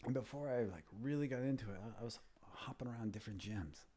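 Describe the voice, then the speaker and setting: A man's voice: medium pitch, quick pace, dark tone, slightly rough. A man in his fifties telling rambling stories as an interview guest, often dropping to a near-whisper when he quotes people. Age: 50s. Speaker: guest, MMA fighter and trainer. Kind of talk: casual interview storytelling.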